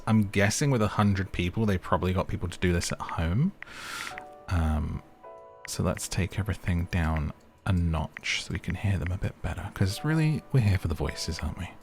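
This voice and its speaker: A deep-voiced man talks through a video game in a relaxed, jokey way, tossing off playful asides. Game music plays softly behind him. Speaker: gaming youtuber. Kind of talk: let's play commentary.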